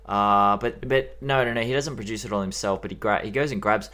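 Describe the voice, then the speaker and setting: A man's voice: on the low side, fairly even intonation, a little fast, sharp tone. A young Australian man with an Australian accent, chatting enthusiastically on a casual music podcast and swearing freely. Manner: enthusiastic, swears freely, repeats himself for emphasis. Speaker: podcast co-host.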